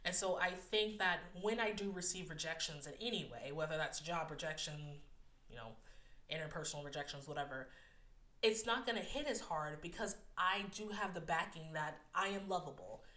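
A woman's voice: low voice, normal speed, sharp tone, echoey room. A woman vlogger talking candidly about herself in an open, self-deprecating way, sometimes tripping over her words. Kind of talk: candid personal reflection.

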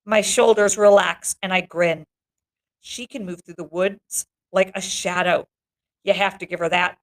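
A woman's voice: lowish voice, fairly even intonation, measured pace. A woman teacher reading a novel aloud to her students in the first person, breaking off for chatty asides. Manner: chatty asides between passages.

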